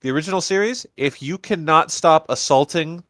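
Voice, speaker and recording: A young man co-hosting a podcast, reviewing episodes in playful, animated casual chat. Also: a little high, a little fast, no room sound, clean studio sound. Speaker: podcast co-host.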